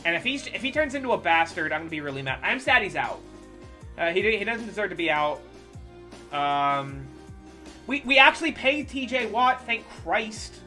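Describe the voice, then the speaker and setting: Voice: mid-range voice, normal speed, soft background music. A streamer ranting casually and profanely about football while playing a baseball management game. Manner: animated, profane sports ranting.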